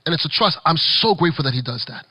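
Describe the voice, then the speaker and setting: A man giving an energetic, animated talk to children's ministry leaders as a children's pastor, with playful asides. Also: fairly high pitch, quick pace, slightly rough, no room sound, rough recording. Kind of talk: conference workshop talk.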